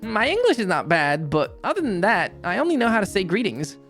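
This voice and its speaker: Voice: medium pitch, wildly swooping pitch, a little fast, fairly bright tone, soft background music, voice pushed up. A streamer voicing a bubbly, gyaru-like young woman in a visual novel, reading her lines in a cheerful, chatty way.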